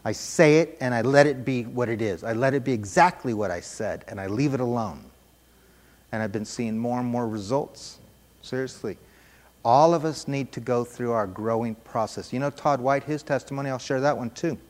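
A man preaching a sermon, telling a story with animated, emphatic repetition. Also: medium pitch, moderate pace, in a large hall.

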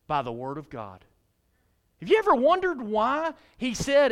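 A male pastor preaching in a church, his voice sitting high and swinging widely in pitch. He climbs to emphatic peaks, then sinks low and quiet, and keeps putting questions to the congregation. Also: wildly swooping pitch, normal speed. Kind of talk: sermon.

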